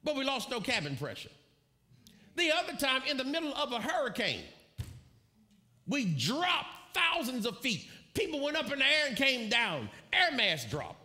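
A man preaching a sermon, telling a story with animated, shouted quotes and bursts of laughter. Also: very high-pitched. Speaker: pastor.

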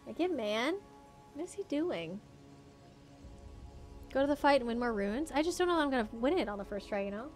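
A woman's voice: fairly high pitch, animated, fairly quick, long pauses, darkish tone, faint music behind. A woman live-streaming a game from her home setup on a foam-covered desk microphone, chatting casually and cooing at her pet in baby talk. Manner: chatty, talks to chat between game moments. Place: home streaming room with a green screen.

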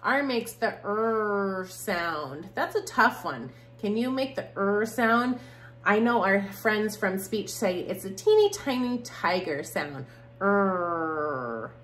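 A preschool teacher woman speaks slowly and patiently in a sing-song lilt, her voice climbing brightly on rhymes and praise. Her voice echoes around a room, with a faint hum in the background. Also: very animated. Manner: slow, sing-song and encouraging, rising high on rhymes and praise. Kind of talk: video lesson for young children.

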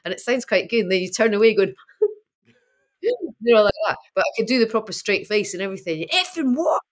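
A woman's voice: medium pitch, a little fast. A woman in her fifties with a Scottish accent, chatting as an interview guest and laughing often. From Scotland. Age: 50s. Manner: chatty, laughing, acts out quoted voices. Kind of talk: casual interview chat.

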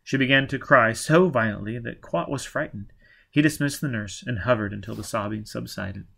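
A man narrating an audiobook in a plain, steady reading manner. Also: medium pitch, normal speed, vocal fry, slightly rough. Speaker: audiobook reader.

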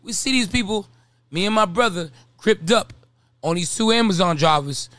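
A man from Brooklyn, hosting a podcast in loose, boastful chat full of profanity and quick rhymes. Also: high voice, animated, fairly bright tone, dry recording. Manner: boastful, profane, rhyming banter. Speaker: podcast host. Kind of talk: casual chat.

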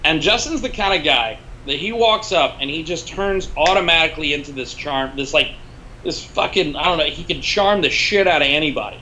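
A man's voice: a little high, a little fast, slight background noise, low-quality recording. A man, a film cinematographer, telling casual stories as a guest on a podcast and swearing freely along the way. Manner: animated, swears freely, uses filler words. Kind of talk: casual storytelling in a podcast interview.

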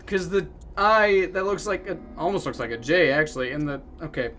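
Young man, let's play commentary, high voice, bright tone, chatty asides, reads game text aloud. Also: brisk. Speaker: gaming video host.

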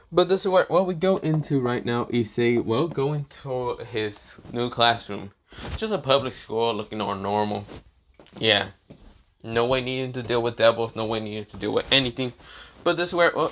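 A man's voice: mid-range voice, normal speed, a bit bright, a little hiss or hum. A man casually narrating a fan story, rambling with many fillers and casual swearing.

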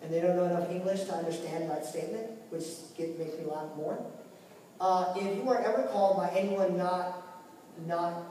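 A man's voice: sits high, fairly even intonation, normal speed, warm tone, slight background noise. A male author on a convention panel, talking casually and energetically with frequent stammers and repeated words. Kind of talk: casual panel talk with audience Q&A. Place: large convention hall. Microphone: distant from the recording mic. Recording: echoey convention hall from far off.

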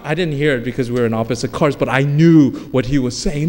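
A man's voice: mid-range voice, lively intonation, fast talker, hardly any pauses, a little mellow. A male pastor preaching a sermon, emphatic and repetitive, slipping into casual storytelling asides. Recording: long hall reverb with faint background noise.

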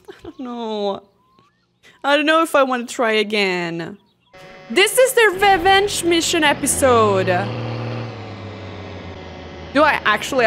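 A woman's voice: medium pitch, fairly bright tone. A woman streamer giving casual let's-play commentary, chatty and playfully dramatic, talking to the game and to herself. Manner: playfully dramatic, exclaims and laughs often.

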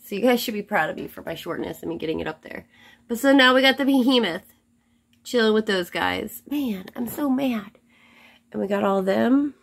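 A young woman chatting casually to her viewers. Her voice sits in a middle register with a gravelly, fry-tinged edge. She rambles and keeps apologizing. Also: medium pitch, expressive, normal speed. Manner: chatty, apologetic, says y'all. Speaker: vlogger. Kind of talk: casual chat to camera.

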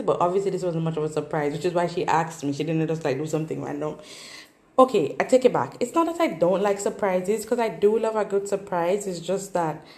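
A woman's voice: fairly low pitch, a little mellow. A woman with a Jamaican accent chatting casually for a storytime vlog. She rambles along with asides and fillers. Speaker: vlogger. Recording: roomy echo.

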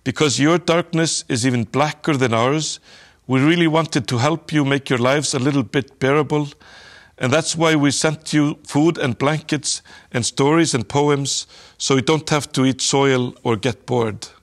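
A man reading a children's story aloud in a calm, measured way. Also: medium pitch. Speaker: narrator.

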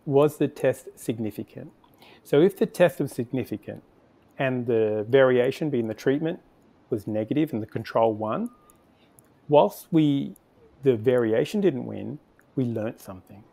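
A man's voice: medium pitch, lively intonation, normal speed, vocal fry, mellow. A man speaking as a podcast guest, explaining his work in a conversational way, thinking aloud with frequent restarts and fillers. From Australia. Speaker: podcast guest, conversion optimization agency founder. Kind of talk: conversational interview answers.

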